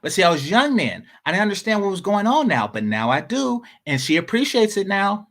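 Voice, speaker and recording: A man's voice: high-pitched, big pitch swings, brisk, a bit bright. A man giving blunt, mocking reaction commentary.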